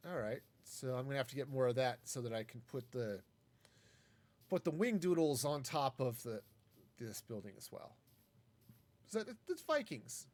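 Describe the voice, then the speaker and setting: Guy streaming minecraft, lively up-and-down voice, dry jokey rambling. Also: medium pitch, normal speed, pauses often. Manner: wry, self-mocking, rambling. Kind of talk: casual gameplay commentary.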